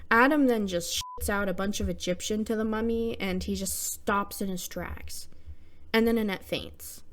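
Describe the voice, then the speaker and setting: A young woman hosting a scripted horror movie recap, irreverent and slangy, dropping muttered asides. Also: mid-range voice.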